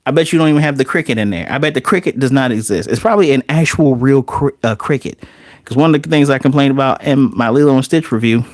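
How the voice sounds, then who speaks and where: A man who reviews movies, giving casual, animated, sarcastic commentary with some swearing. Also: medium pitch, fast, no echo, studio quality.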